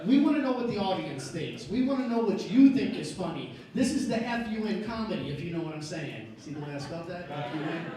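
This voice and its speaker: A man's voice: high-pitched, sing-song, a little fast, few pauses. A man hosting a comedy show, loosely hyping up the audience between acts. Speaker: show host. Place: comedy club stage. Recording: echoey club, distant mic, roaring crowd. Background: loud audience.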